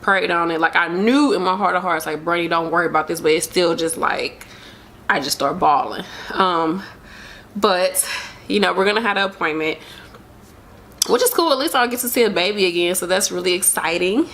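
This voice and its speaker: Chatting informally to camera, a young woman shares a pregnancy update in an open, emotional, rambling way heavy with fillers. Her voice is on the low side and fairly bright, at a normal speed.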